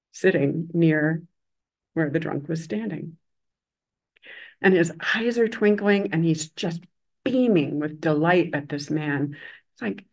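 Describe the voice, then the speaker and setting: A hospital chaplain giving a dharma talk, telling a story in a reflective, measured way with gentle emphasis. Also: mid-range voice, rough recording. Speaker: hospital chaplain and Buddhist teacher.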